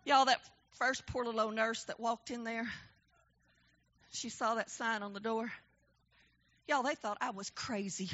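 A woman preaching a testimony sermon in a church, swinging between low storytelling and shouted, emphatic preaching. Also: fairly even intonation, measured pace, pauses often, dull audio.

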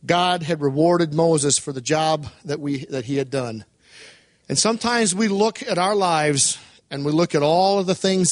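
A male preacher delivers an emphatic sermon in a high, light voice, firing off rhetorical questions. The sound is close and dry, with almost no room echo.

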